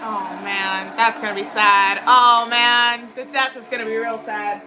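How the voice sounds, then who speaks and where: A woman's voice: fairly high pitch, fairly even intonation, a little slow. A young woman hosting a casual watch-along livestream, giggly, playful and rambling, a little tipsy. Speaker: livestream host.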